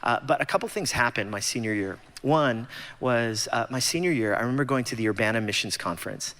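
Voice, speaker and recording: Church testimony speaker, forties, easygoing and self-mocking, recorded in an echoing sanctuary. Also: male voice, medium pitch, fairly quick, a bit bright. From Los Angeles, USA. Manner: conversational storytelling with self-deprecating humor. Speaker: guest speaker at church gathering. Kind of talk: personal testimony talk. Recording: long church-hall reverb.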